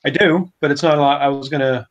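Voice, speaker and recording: Fast-talking male player on a video call, flustered. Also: on the high side, steady tone. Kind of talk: casual chat at a game table.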